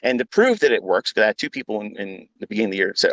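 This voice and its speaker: A middle-aged man, a trading educator running a live audio chat, rants bluntly and profanely without a script, repeating himself and bursting out loudly. His voice is on the low side, animated and rapid-fire, with no room sound in a low-quality recording.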